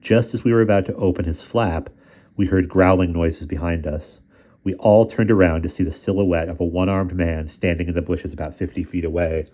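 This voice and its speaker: A man reading a children's novel aloud, narrating and acting out the boys' dialogue in raised, excited voices. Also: low voice, brisk. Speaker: audiobook reader. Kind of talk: storybook narration. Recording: dull lo-fi recording.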